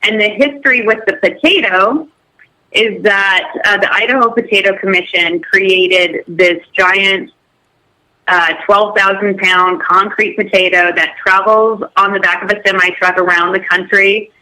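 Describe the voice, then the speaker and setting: A woman's voice: medium pitch, steady tone, measured pace, sharp tone, low-quality recording. A woman guest on a radio show, telling her story in an upbeat, chatty way. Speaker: guest, hotel owner. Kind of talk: radio interview.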